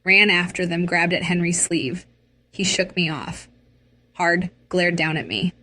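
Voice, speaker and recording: A woman tells a dramatic, emotional first-person story slowly and deliberately. Her voice sits on the lower side. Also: sharp tone. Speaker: narrator.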